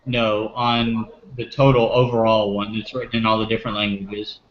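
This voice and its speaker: A man's voice: lowish voice, level tone, normal speed. A man playing a tabletop fantasy game, speaking in a plain, matter-of-fact way. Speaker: player. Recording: lo-fi recording with clear background noise.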